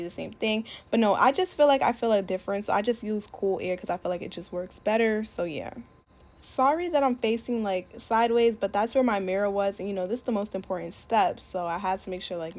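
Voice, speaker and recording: A young woman giving a casual voice-over for a wig tutorial, talking fast and packing in "like" and other fillers. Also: mid-range voice, a little mellow. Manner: chatty, fast, many "like" fillers. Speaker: beauty YouTuber. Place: home, voice-over recorded separately.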